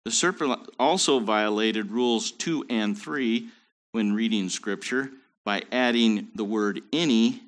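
A man's voice: lowish voice, fairly bright tone. A man teaching a Bible study in a conversational way, with joking asides.

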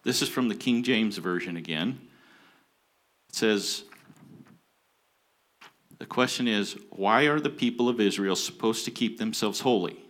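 A man's voice: on the low side, measured pace, pauses often, fairly bright tone. Emphatic man teaching scripture. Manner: emphatic, stresses key words. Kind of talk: Bible teaching.

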